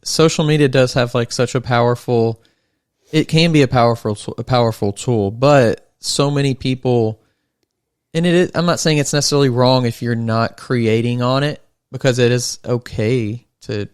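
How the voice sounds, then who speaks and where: A man with a smooth, resonant voice hosts a casual podcast chat. He asks long, winding questions and the recording is dry and close, with no room sound. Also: medium pitch, moderate pace, a little mellow, no room sound. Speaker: podcast host.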